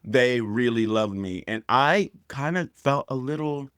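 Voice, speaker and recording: A man's voice: mid-range voice, lively intonation, unhurried, a bit bright, smooth, no room sound, studio quality. A man, a drag performer, telling stories in a casual interview and acting out the voices of people he quotes.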